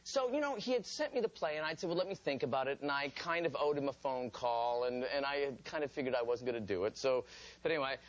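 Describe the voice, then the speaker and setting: A man guesting on a television talk show, telling a comic anecdote in an animated way and acting out the voices of the people in it. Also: mid-range voice, fast, muffled recording. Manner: animated storyteller, acts out voices. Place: television studio.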